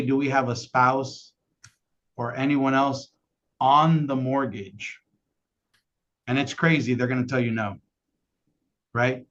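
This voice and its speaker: A man with a drawl coaches salespeople on a casual call, full of energy and tagging "right?" onto his points. His voice sits at a middle pitch. The call audio is dull and lo-fi. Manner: energetic, keeps asking "right?". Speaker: insurance sales trainer.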